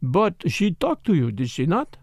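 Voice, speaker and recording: A shrewd, courteous old detective who questions with a soft, formal touch and lifts his pitch on his questions, as a gravelly male narrator voices him. His delivery swings up and down in a lively way. The recording is close and dry. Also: unhurried, no echo, heavily acted. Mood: probing. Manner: gentle, formal, probing.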